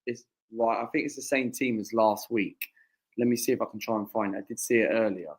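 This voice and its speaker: A man's voice: fairly low pitch, brisk. A man co-hosting a casual fan chat stream who insists on his points and repeats the same lines. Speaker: co-host.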